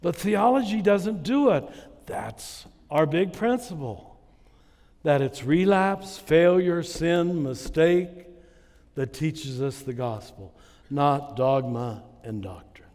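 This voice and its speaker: A man giving a spiritual conference talk to a live audience. He tells stories at an unhurried pace and chuckles at his own anecdotes. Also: a little high, darkish tone, big-room sound. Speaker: conference speaker. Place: large hall with a live audience.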